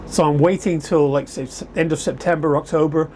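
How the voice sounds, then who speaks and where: Brief: rambling man telling stories to camera, slightly raised pitch, faint air conditioner hum behind. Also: fairly even intonation, brisk, darkish tone. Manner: rambling, chatty, self-correcting. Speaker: vlogger. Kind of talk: casual storytelling to camera. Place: home in summer, indoors. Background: air conditioner humming.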